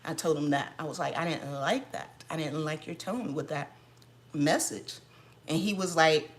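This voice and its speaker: A mom vlogger telling an animated, sassy story with frequent laughs in a casual chat at home. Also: female voice, low-pitched, takes it slowly, long pauses.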